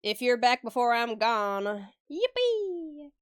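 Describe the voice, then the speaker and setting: A woman's voice: mid-range voice, a little slow, smooth. A woman streamer chatting casually with her viewers while she draws. She laughs often and swears freely as she answers chat. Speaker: live-stream artist.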